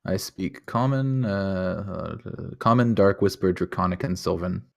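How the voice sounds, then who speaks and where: Guy playing a tabletop game, low voice, kinda hesitant. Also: unhurried, vocal fry. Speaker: player.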